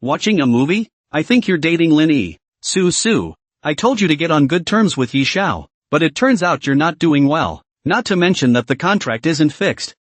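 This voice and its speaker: Guy doing an angry strict dad, scolding and threatening, lively pitch. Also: moderate pace, no echo. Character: stern angry middle-aged father.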